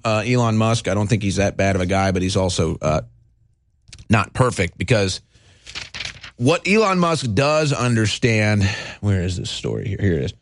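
A man's voice: fairly low pitch, no room sound. A man hosting a political talk show, ranting with stammering restarts and heavy sarcasm. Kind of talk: heated political talk commentary.

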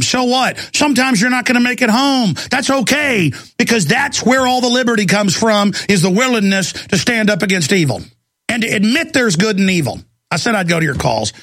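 A man's voice: high voice, vocal fry, fairly bright tone, no echo. A man hosting a call-in talk show, delivering an angry, intense ranting monologue. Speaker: talk show host taking calls.

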